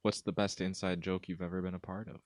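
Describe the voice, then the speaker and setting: A young man co-hosting a podcast, asking quick questions in casual chat, laughing often and filling with "like" and "um". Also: low-pitched, little pitch movement, no room sound, clean studio sound. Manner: chatty, laughs often, hedges with "like" and "um".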